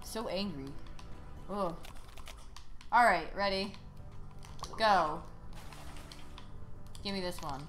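A woman streaming a video game live, ranting sarcastically and swearing with loud frustrated outbursts. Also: medium pitch, drawn-out words, pauses often, faint music behind. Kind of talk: live gameplay commentary.

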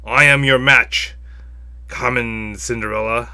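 A man's voice: medium pitch, expressive, normal speed, sharp tone, no room sound, pitched above the performer's own voice. A man voicing a scheming stepmother who turns out to be a villain in a comic. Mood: grandiose.

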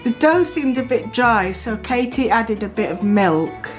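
A woman's voice: a little high, animated, measured pace, soft background music. A middle-aged woman with a South Yorkshire accent, chatting casually as she narrates her daughter's baking for a family vlog in a home kitchen. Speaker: mum filming a family vlog.

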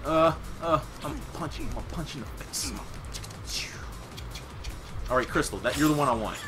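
A man doing casual gameplay commentary, loud and crude, often yelling. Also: fairly high pitch, expressive, moderate pace. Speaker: let's play gamer. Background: game music.

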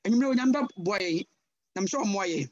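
A man with a Ghanaian accent preaching a sermon over a video call, passionate and switching between English and Twi with sudden loud cries. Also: sits high, expressive, brisk, dry recording, muffled recording. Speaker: guest pastor.

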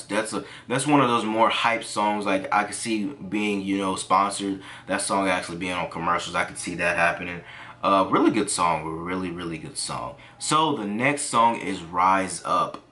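A man giving casual reaction commentary on songs, easily excited and breaking into exclamations. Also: low voice. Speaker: music reaction reviewer.

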